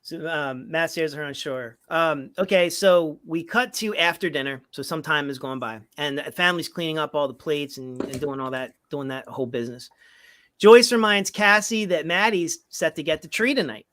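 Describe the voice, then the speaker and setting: A man's voice: a little high, normal speed, a bit bright. A man co-hosting a comedy podcast, casually reading a holiday movie script aloud and chatting, with lots of fillers and playful line readings. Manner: chatty, many fillers, reads lines in playful voices. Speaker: podcast co-host.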